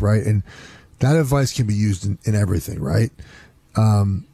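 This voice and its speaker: A man's voice: fairly low pitch, normal speed, gravelly, mellow, breathy edge, no room sound. A man co-hosting a sports radio show, arguing his point with sarcastic back-and-forth. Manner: argumentative, sarcastic. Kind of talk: casual sports radio banter.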